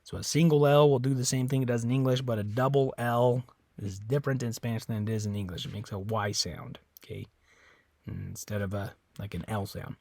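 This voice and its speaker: A man teaching in a casual, informal way, repeating words slowly and often correcting himself. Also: fairly low pitch, fairly even intonation, vocal fry, a little mellow, dry recording. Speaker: Spanish teacher. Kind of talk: informal classroom explanation.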